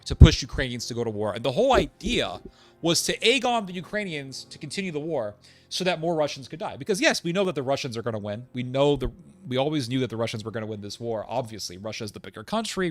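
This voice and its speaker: A man's voice: medium pitch, a bit bright. A man giving an opinionated commentary monologue, emphatic and repetitive, with sarcastic asides. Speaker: political commentator.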